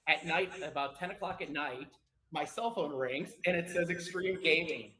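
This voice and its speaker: Man, somewhat high voice, animated rambling storyteller, roomy echo. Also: moderate pace. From Chicago. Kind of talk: casual chat.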